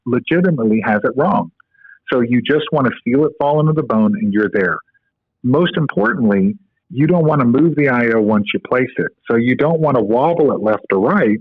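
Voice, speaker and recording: On a dry, tinny line that sounds like a phone, a man with a mid-range voice and no room sound is interviewed on a podcast. The co-inventor of a medical device, he explains technique step by step and tells stories packed with filler words.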